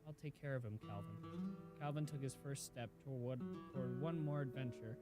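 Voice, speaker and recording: A man hosting a reaction video, reading a sad story aloud gently and lowering his voice for quoted lines, then reacting emotionally. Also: normal speed, over loud music.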